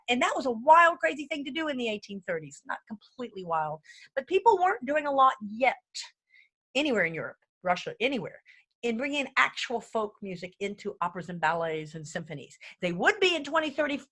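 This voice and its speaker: A woman's voice: on the high side, very animated, fairly quick, bright, forceful tone. A woman giving a casual online music lesson, chatty and enthusiastic, wandering off topic and counting beats aloud as she plays a keyboard. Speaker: music lecturer. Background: faint keyboard playing.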